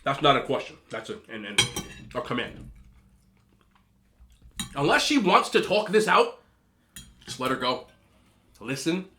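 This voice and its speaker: A man in his thirties eating on camera, giving emphatic, animated relationship advice to other men and telling stories in a casual chat. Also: medium pitch, unhurried, pauses often, a little hiss or hum. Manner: storytelling with repeated disapproving hums. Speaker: mukbang vlogger.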